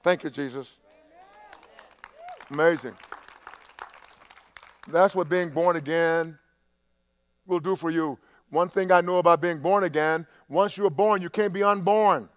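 A man preaching a sermon, halting and repeating himself in quieter stretches, building to loud, impassioned preaching. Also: fairly high pitch, clear, resonant tone. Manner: halting, with many restarts and fillers.

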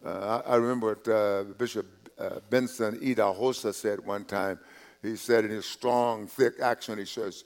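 A male pastor preaching a sermon in a conversational way, repeating and restarting words, dropping to quiet asides and rising on key points. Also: lowish voice, moderate pace, gravelly. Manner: drops to quiet asides, rises on emphasis.

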